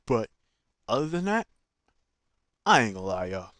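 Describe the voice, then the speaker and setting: A man's voice: mid-range voice, very animated, normal speed, a bit bright, no room sound. Man, opinionated fan commentary, casual and slangy, dry close sound. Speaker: channel host.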